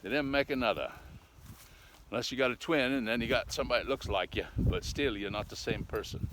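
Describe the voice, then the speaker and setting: Walking his dogs on a country lane, an older vlogger chats briskly in a mid-range voice, a casual rambling monologue. Folksy and a little short of breath, he ends sentences with "eh?". Dogs and rural background noise are audible in the noisy outdoor recording.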